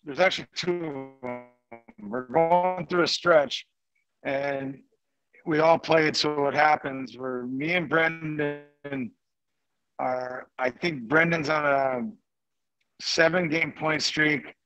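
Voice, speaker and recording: A man, a former hockey player and guest, telling an animated anecdote in a lively, rambling way. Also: fairly high pitch, takes it slowly, highs cut off, faint music behind. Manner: lively, rambling, laughs mid-story.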